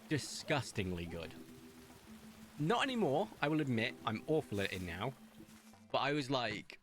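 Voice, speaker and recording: Lively man streaming a game. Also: medium pitch, a little hiss or hum. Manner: chatty, rambling, animated storytelling. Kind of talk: casual gameplay commentary.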